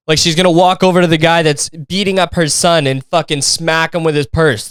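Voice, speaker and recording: A man's voice: fairly high pitch, flat delivery, brisk, hardly any pauses, a bit bright, clear, resonant tone, dry recording, studio quality. A man hosting a podcast, reacting to videos in a casual, profane and mocking rant. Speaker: podcast host.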